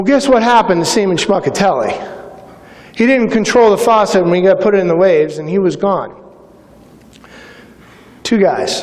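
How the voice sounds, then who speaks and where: A middle-aged man giving a motivational speech, telling stories and acting out the dialogue with lively energy. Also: a little high. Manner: animated storyteller acting out dialogue. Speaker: keynote speaker. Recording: reverberant hall.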